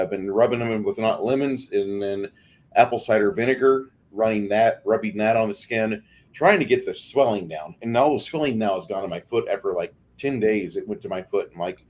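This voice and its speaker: Rambling low-voiced male stream host. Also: darkish tone. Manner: rambling, chatty, with restarts. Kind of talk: casual chat.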